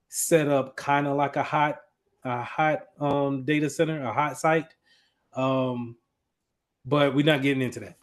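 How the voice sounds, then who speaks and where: Man lecturing loosely on IT. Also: mid-range voice. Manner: conversational, many fillers and restarts. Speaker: IT instructor. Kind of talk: casual classroom lecture.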